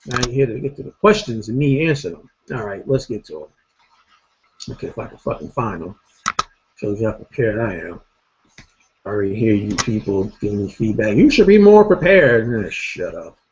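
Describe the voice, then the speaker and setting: A man's voice: lowish voice, normal speed, slight background noise. A man hosting a casual vlog, ranting bluntly and rambling with lots of swearing, a bit tired. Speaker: host. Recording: dull lo-fi recording.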